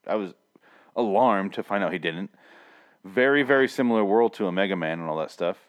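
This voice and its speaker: Guy on a podcast, swearing and rambling, lowish voice. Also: animated, brisk. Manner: rambling, profane and jokey. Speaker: podcast host. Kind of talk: casual chat.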